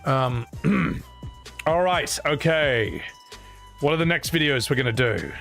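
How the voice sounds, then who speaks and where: A man's voice: a little high, animated, slow pace, vocal fry, a bit bright, faint music behind. A man streaming live, reading out chat messages and answering in a rambling, casual way with lots of fillers and chuckles.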